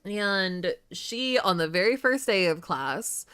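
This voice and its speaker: A woman's voice: medium pitch, takes it slowly, smooth. A young woman streamer chatting casually, swearing freely and reacting with energy. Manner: swears a lot, lively reactions. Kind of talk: casual chat.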